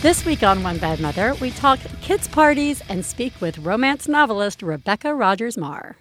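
A woman co-hosting a podcast, telling a story in casual chat, animated and quick to swear. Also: medium pitch, over music. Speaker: podcast co-host.

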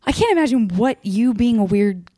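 A woman's voice: on the high side, lively intonation, normal speed, dark tone. A woman hosting a podcast in casual chat, chatty and self-deprecating, recording remotely on a headset mic. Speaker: podcast host. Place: home setup in a remote recording. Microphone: studio mic with headphones.

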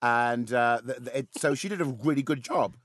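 A man's voice: medium pitch, normal speed, no room sound, clean studio sound. A man on a comedy panel, banter full of giggly, flustered interjections.

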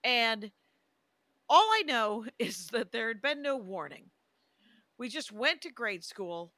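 A woman's voice: a little high, lively intonation, slow pace, sharp tone, no echo. A middle-aged woman from Wisconsin, co-hosting a podcast and telling chatty stories with frequent laughs and restarts. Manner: storytelling, laughs often, restarts sentences. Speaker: podcast co-host. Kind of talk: casual chat.

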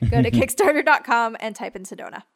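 Bubbly lady cohosting a podcast, kinda high voice, laughs a lot. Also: fast. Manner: bubbly, laughs often, playful. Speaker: podcast co-host. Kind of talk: casual podcast chat.

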